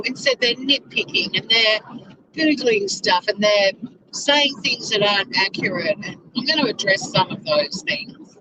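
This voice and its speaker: A woman's voice: a little high, animated, moderate pace, background noise. A woman vlogging from inside her car, ranting in exasperation and swearing freely. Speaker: YouTuber. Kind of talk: casual vlog rant.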